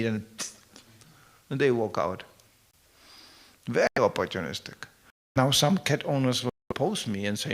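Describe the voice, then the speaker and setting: A man's voice: medium pitch, lively intonation, slow pace, long pauses, fairly bright tone. A man giving a devotional scripture lecture in a humorous, conversational way, full of anecdotes.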